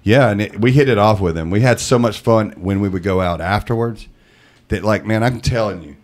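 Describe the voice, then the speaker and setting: A young man talks on a comedy podcast in a low voice. He tells stories in a lively way and jumps up into higher voices when he quotes other comics. The tone is relaxed, like chatting with friends. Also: a little fast. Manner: animated storyteller, acts out the people he quotes in higher voices. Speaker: guest comedian. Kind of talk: casual podcast chat.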